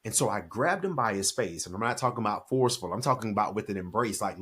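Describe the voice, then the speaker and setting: Podcast guest: man, 40s, husky and fairly low voice, earnest, emphatic storytelling. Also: lively intonation, quick pace, a bit bright. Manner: earnest, emphatic, acts out quoted dialogue. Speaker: podcast guest, speaker and author. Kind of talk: reflective storytelling in conversation.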